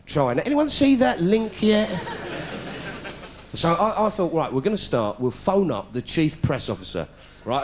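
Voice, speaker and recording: A man's voice: fairly high pitch, a little mellow, a little hiss or hum. A middle-aged British man telling a sarcastic stand-up story, putting on voices as he goes. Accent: British English. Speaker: comedian. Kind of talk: stand-up comedy routine. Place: stage before a live audience.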